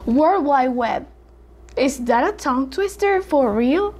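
Mexican lady vlogging, high voice, slow careful tongue twisters, keeps tripping and restarting. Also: expressive, a little mellow. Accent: Mexican Spanish. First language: Spanish. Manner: stumbling, self-correcting, giggly. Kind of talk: casual tongue-twister attempts.

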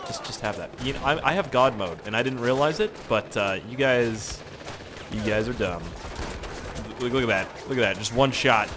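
A young man casually commenting on his gameplay with excitable, profane wisecracks. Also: medium pitch, moderate pace, noisy background. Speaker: gaming channel host. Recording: loud gunfire and game audio behind. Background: game gunfire and explosions.

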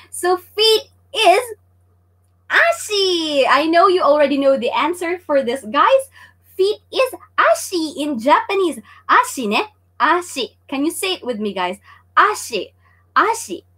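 Woman, livestream teacher, high and bright, chatty, giggly, greets chat. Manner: bubbly, laughs often, greets chat viewers by name. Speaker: online Japanese teacher. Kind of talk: livestream lesson, chatty quiz hosting.

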